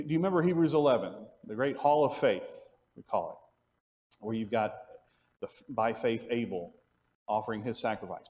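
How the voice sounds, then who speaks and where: A man's voice: mid-range voice, big-room sound. A man teaching an adult Bible class at church, asking the class questions as he goes. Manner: animated, asks the class questions.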